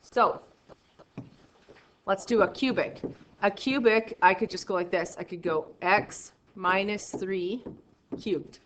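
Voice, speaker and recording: A woman teaching a math class, counting steps out loud, trailing off quietly, and checking in with "right?". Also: mid-range voice, takes it slowly, pauses often, slight background noise. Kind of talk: classroom lecture. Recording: roomy classroom sound, slightly dull.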